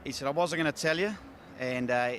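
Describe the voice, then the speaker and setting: A man's voice: on the high side, a little fast, a bit bright, a little hiss or hum. A man, a racehorse trainer talking candidly after a big win, with lots of fillers and restarts. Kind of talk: casual post-race interview. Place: outdoors at a racecourse.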